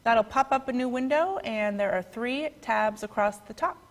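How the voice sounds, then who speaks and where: Brisk woman host explaining how to watch. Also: on the high side. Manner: clear, brisk, instructive. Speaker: host of an online class. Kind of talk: scripted tutorial narration.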